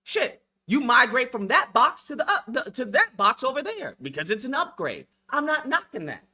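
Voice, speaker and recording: A man in full rant mode, swearing freely and jabbing at his critics. His voice is bright and cutting, and his pitch swings widely as he presses each point. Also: sing-song, moderate pace. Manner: profane, confrontational, heated. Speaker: YouTube commentator. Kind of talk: ranting vlog monologue.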